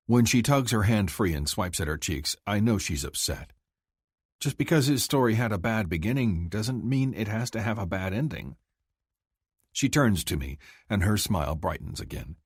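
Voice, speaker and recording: A man narrating a first-person romance audiobook in a husky voice, shifting up to speak the heroine's lines. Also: normal speed, no room sound, studio quality. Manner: husky, lively delivery, lifting high for the heroine's lines.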